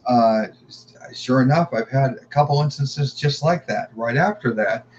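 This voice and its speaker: A man's voice: medium pitch, normal speed, highs cut off, slight background noise. A man, a podcast guest, earnestly telling a personal story in conversation and often repeating his words as he goes.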